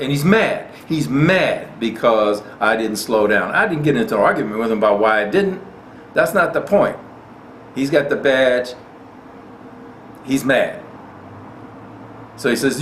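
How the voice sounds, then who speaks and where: A man's voice: mid-range voice, animated, moderate pace, a bit bright. A man hosting a gun rights channel, giving indignant commentary and repeating lines for emphasis. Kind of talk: impassioned commentary. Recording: echoey room with faint noise.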